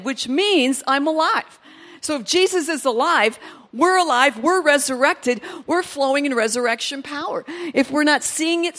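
A woman pastor preaching a sermon, telling stories and acting out the voices of people in them. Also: high voice. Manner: storytelling, animated, acts out quoted voices.

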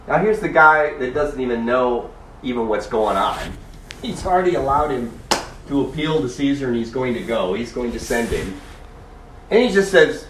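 A man's voice: mid-range voice, big pitch swings, moderate pace, a little hiss or hum. A man preaching a sermon, reading scripture aloud and adding emphatic, chuckling asides. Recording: roomy echo from a distance.

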